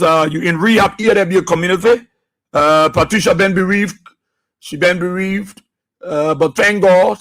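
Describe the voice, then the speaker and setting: A man hosting a live radio show, reading out listeners' names and places in an unhurried way with many pauses. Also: sits high, a bit bright. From Liberia. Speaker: radio host.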